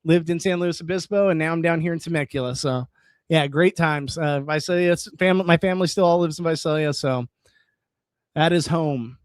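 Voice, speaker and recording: Young guy from california chatting on his stream, excitable, laughs a lot, dead dry mic. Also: fairly high pitch, moderate pace, no room sound. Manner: chatty and excitable, reacts aloud, laughs often. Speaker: live-stream host. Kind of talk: casual live-stream chat, reading comments.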